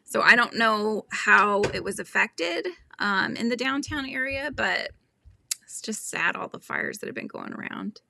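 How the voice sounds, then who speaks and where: A chatty woman with a Californian accent hosts a relaxed livestream, reading comments and laughing as she goes. Her voice is bright and a little gravelly, and she often trails off mid-sentence. The sound is dry and close. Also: mid-range voice, measured pace, no room sound. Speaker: crochet livestream host. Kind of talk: casual chat reading viewer comments.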